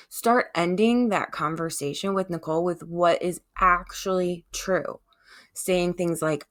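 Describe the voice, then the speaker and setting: A woman with a low voice hosts a self-help podcast. She talks slowly and gently, and she keeps coaxing listeners along with an encouraging "okay?". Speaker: podcast host.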